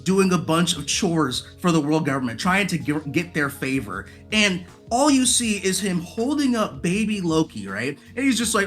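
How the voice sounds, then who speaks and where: Man, high and lively voice, bright, heated fan rant, casual swearing; faint music bed. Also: normal speed, hardly any pauses. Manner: ranting, animated, swears freely. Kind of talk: casual chat.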